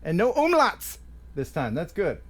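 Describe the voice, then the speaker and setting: A man's voice: high voice, unhurried. A man hosting a live stream, joking around and reading chat messages. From USA. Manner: joking, animated. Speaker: host.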